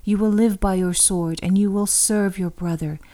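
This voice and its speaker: A woman reading the lines of an aged blind father, with measured, solemn phrasing. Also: mid-range voice, fairly even intonation, mellow, lightly acted.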